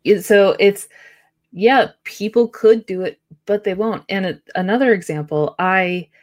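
A woman's voice: medium pitch, unhurried, darkish tone. A woman hosting a podcast, chatting casually and affirming her guest. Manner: conversational, affirming with short backchannels. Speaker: podcast host.

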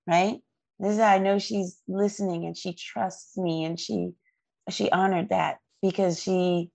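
A woman's voice: medium pitch, takes it slowly, gravelly, no echo. A woman guest on an interview, earnestly telling a heartfelt story about her child. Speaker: guest parent.

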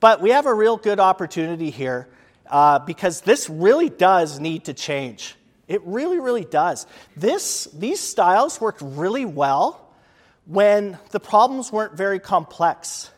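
Male presenter, slightly high voice, chatty and emphatic, repeats for stress; long hall reverb. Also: sing-song, unhurried. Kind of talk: leadership lecture to an audience.

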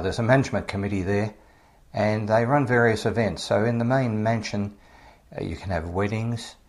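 Australian male host, chatty and relaxed, lowish voice. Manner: chatty, relaxed, talks straight to listeners. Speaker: podcast host and interviewer. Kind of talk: casual introduction and interview.

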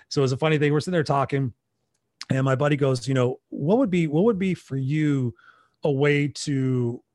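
A man's voice: medium pitch, no echo, clean studio sound. A middle-aged American man telling a personal story in conversation, animatedly acting out his own past dialogue. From United States. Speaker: interview guest.

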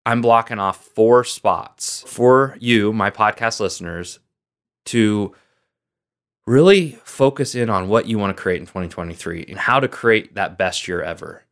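A man with a somewhat low voice hosts a motivational podcast. He speaks as a coach, earnest and encouraging, leaning into his words with lively emphasis. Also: measured pace.

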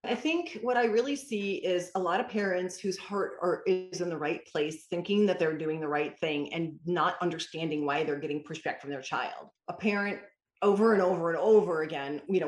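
A woman's voice: lowish voice, fairly quick. A woman who mentors parents, answering interview questions in an emphatic, storytelling way. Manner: emphatic, storytelling with quoted dialogue. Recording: roomy echo.

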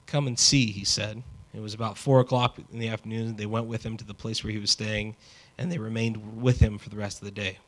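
A man preaching a sermon in a conversational, animated way, with casual asides. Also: lowish voice, fairly quick, hardly any pauses. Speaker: pastor.

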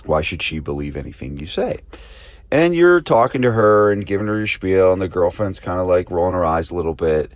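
Brief: a low-voiced male podcast host with a conversational storytelling delivery, dry and close. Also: animated, a little fast, no room sound. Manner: conversational, storytelling with rhetorical questions. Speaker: podcast host and gym business coach. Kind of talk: casual spoken promo and talk.

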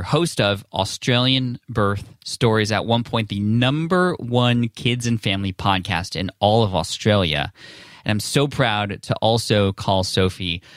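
A man's voice: lowish voice, a bit bright, no room sound. Enthusiastic guy hosting his podcast, chatty and upbeat, dry close mic. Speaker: podcast host. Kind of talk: casual podcast intro and ad read.

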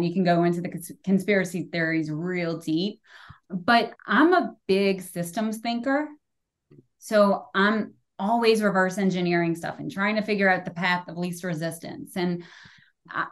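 A woman in her forties hosting a podcast, talking frankly and emphatically and swearing casually. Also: lowish voice. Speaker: podcast host. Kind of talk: casual conversation.

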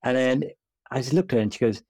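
On a podcast, a young man who works as a junior doctor rambles through a story, quick and low-key, making fun of himself along the way. The recording is dry, and his voice leans dark in tone.

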